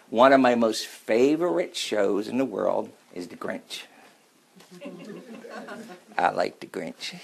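A man preaching a sermon, emphatic, repeating key phrases and slowing right down to stress his points. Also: fairly low pitch, creaky, breathy edge.

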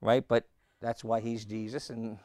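Smooth-voiced male preacher, dry sound. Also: mid-range voice, flat delivery, darkish tone, no echo. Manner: emphatic, repeating phrases and asking the congregation questions; slows right down on scripture quotes. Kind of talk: sermon.

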